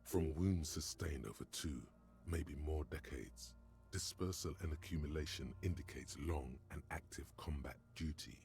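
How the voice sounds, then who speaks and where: A grim narrator of a video game, telling grisly scenes in grave, vivid detail. His voice sits extremely low with a gravelly edge. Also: moderate pace, a little mellow. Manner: grave, vivid descriptive delivery. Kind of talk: scripted narration.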